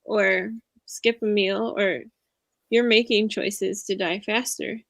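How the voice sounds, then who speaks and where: A woman's voice: mid-range voice, steady tone, takes it slowly, vocal fry, fairly bright tone, no room sound. A woman in her thirties, an empowerment coach talking as a guest in a casual interview over a video call, earnest and reflective, sharing her experience in a confiding way.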